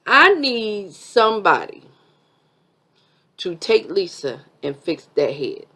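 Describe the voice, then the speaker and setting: A woman's voice: medium pitch, very animated, takes it slowly, pushed and bright. A woman vlogger giving a chatty, sassy review of a reality TV episode, full of asides.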